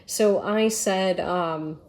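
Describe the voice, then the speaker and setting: A woman's voice: mid-range voice, drawn-out words, a little mellow. A woman from Michigan co-hosting a casual political podcast, telling stories bluntly with swearing and laughter. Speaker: podcast co-host.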